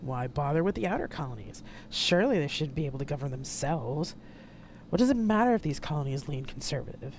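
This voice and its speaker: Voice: mid-range voice, lively intonation, brisk, darkish tone, slight background noise, natural voice. A narrator voicing a hostile young male extremist agent who speaks in sneering threats, in an audiobook reading. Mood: threatening.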